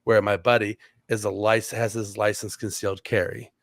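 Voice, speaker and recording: With a fairly low voice that barely moves in pitch, this podcast co-host talks at normal speed. He rambles through a long, casual story packed with "like" fillers and restarts, recorded at studio quality without echo.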